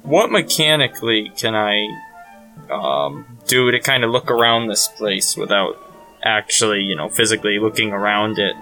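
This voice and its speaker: A man's voice: fairly low pitch, lively intonation, normal speed, bright, forceful tone, faint music behind, low-quality recording. A man playing a tabletop game, thinking aloud hesitantly about rules and his character. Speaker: player.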